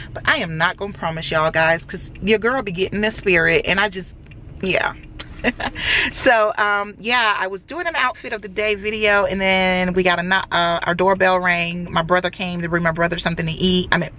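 A woman's voice: lowish voice, pushed and bright, a little hiss or hum. A woman vlogging in a casual, rambling chat to camera, full of fillers, on her way to church in a car. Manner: chatty and rambling, many fillers.

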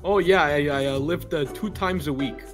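A man voicing a laid-back boy in a comedy game role-play, with a slow drawl. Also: fairly high pitch, fairly bright tone, faint music behind, lightly acted.

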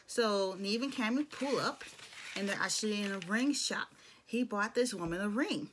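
A woman's voice: mid-range voice, moderate pace, fairly bright tone, slight background noise. A young adult woman giving a casual, opinionated recap of a reality show, with blunt asides. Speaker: show reviewer.

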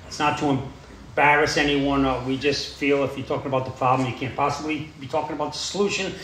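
A man's voice: on the high side, steady tone, fast talker, a bit bright, slight background noise. Middle-aged guy telling his story at a meeting, rambly, lots of you know, echoey room. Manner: plain-spoken, rambling, frequent "you know" and "uh". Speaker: AA speaker sharing his story. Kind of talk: recovery talk, storytelling.

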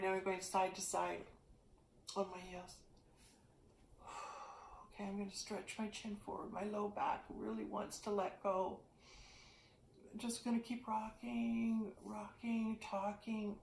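A woman's voice: medium pitch, flat delivery, measured pace, gravelly, slight background noise. Woman teaching yoga in a roomy space. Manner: earnest, questioning, talks while stretching. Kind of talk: spiritual talk during a yoga class. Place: indoor room, exercise mat. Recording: roomy sound, distant from the mic.

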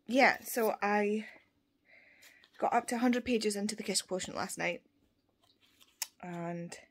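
Chatty young woman reviewing books. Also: mid-range voice. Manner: chatty, animated retelling with quoted voices and asides. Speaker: book vlogger. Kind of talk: casual book review vlog.

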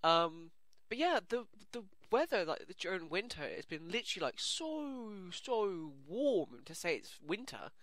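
A young adult with an English accent giving casual commentary on a horror game, easily startled into screaming and then chatting softly with viewers. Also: mid-range voice, big pitch swings, a little slow, dry recording. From England. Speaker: let's play gamer. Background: game music.

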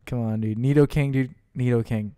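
A young man hosting a gaming channel, giving let's-play commentary with excitable yells, laughter and constant "dude"s. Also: mid-range voice, a little fast, clean tone, dry recording, studio quality.

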